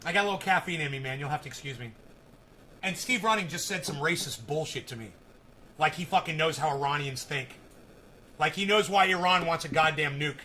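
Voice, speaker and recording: A man live streaming from his phone, ranting with heavy profanity and yelling at commenters in his chat. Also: high voice, a little fast, low-quality recording.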